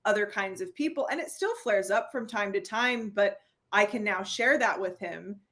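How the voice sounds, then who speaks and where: A woman, a therapist guest in an interview, telling personal stories in a lively way, acting out dialogue and laughing often. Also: medium pitch, normal speed. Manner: animated storyteller who acts out quoted dialogue and laughs often. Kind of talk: conversational interview.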